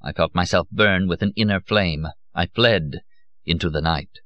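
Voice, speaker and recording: A man reading an audiobook in an expressive, theatrical way. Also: low-pitched, moderate pace, no room sound, highs cut off. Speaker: audiobook narrator.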